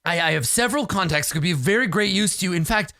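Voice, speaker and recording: A man voicing a terrified captive nobleman who stammers and pleads in a high, strained voice. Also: expressive, rapid-fire, bright, forceful tone, no room sound, studio quality, heavily acted. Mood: pleading.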